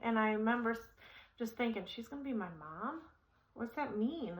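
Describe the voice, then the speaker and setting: A woman's voice: on the high side, lively intonation, moderate pace, poor audio. A middle-aged woman vlogger telling a personal story in a rambling, casual way with many fillers while assembling furniture. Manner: rambling, warm-hearted, many fillers and restarts.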